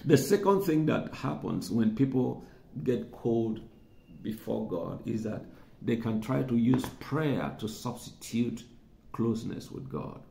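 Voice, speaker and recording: A man's voice: medium pitch, lively intonation, unhurried, gravelly, mellow, echoey room, slight background noise. A man preaching a sermon, conversational, repeating words for emphasis and chuckling now and then. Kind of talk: sermon teaching.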